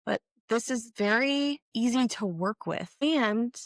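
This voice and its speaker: A woman's voice: fairly high pitch, slow, no room sound. A woman in her forties chatting candidly through a get-ready-with-me beauty vlog, full of frank asides. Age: 40s. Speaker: beauty vlogger. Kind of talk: casual get-ready-with-me chat.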